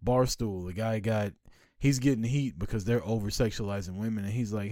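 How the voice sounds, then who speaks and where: A man's voice: lowish voice, brisk, few pauses, dry recording, studio quality. A middle-aged man co-hosting a casual podcast, talking bluntly and swearing freely. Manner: blunt, profane and animated. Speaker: podcast co-host. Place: home podcast studio.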